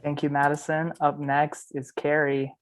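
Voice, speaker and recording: A game host introducing contestants one by one in a steady announcing manner. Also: medium pitch, unhurried.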